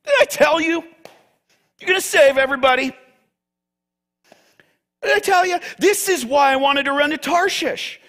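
A man acting out an angry grown prophet, yelling indignant questions at God. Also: high voice, big pitch swings, normal speed, creaky, few pauses, husky, exaggerated voice. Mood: furious. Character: furious biblical prophet Jonah, grown man, bitter.

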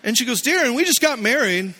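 Middle-aged male pastor, very high bright voice, lively storytelling sermon in a church. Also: quick pace, in a large hall. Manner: storytelling, animated, playful asides.

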